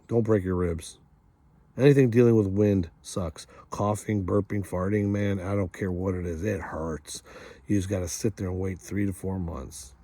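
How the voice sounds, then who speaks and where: A middle-aged man hosts and tells a funny story in a casual way. He chuckles as he goes and acts out the other people with big jumps in pitch. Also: steady tone, unhurried, warm tone. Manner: chuckles through the telling. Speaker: host.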